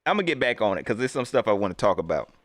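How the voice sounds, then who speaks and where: A man hosting a casual sports fan livestream, swinging between loud outbursts and low mutters, with colloquial speech and mocking impressions of coaches. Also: very animated, rapid-fire, no echo. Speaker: sports fan channel host.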